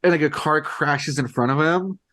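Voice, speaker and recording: A man's voice: on the high side, moderate pace, a bit bright. Rambling podcast guy, full of "like". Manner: rambling, filler-heavy retelling. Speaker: podcast co-host. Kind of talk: casual chat.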